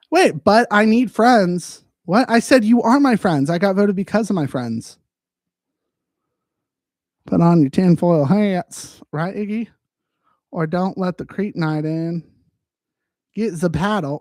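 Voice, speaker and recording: A man's voice: sits high, takes it slowly, long pauses, a little mellow, no echo. Rambling joking male streamer, dry sound. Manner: rambling, joking, talks to his chat. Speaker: livestream host. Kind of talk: casual livestream chat.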